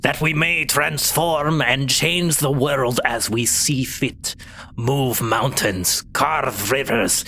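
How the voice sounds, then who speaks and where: A man voicing an earnest little male kobold ritual leader in a tabletop game, chanting slowly and solemnly. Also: mid-range voice, bright, forceful tone, slightly rough, full character voice. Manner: slow, solemn chanting delivery.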